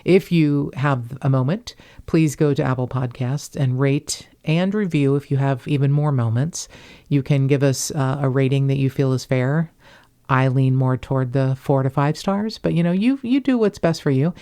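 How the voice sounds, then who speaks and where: A woman's voice: extremely low pitch, moderate pace, mellow. A woman from the Cincinnati area hosting a podcast, chatting in a rambling way with wry asides. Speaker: podcast host. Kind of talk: casual chat.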